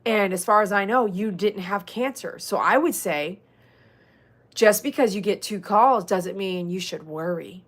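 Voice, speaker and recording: A woman hosting a casual livestream as a dog groomer, chatting with viewers and reading their comments aloud. She is animated and swings from loud mock outbursts to soft, earnest talk. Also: medium pitch, unhurried. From Texas. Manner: chatty, reads out viewer comments, uses y'all.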